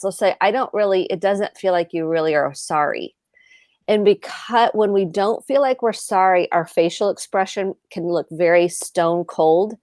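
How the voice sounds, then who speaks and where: A woman's voice: fairly low pitch, dry recording, clean studio sound. A woman therapist on a video call, explaining earnestly and acting out example phrases as she goes. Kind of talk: video chat advice talk.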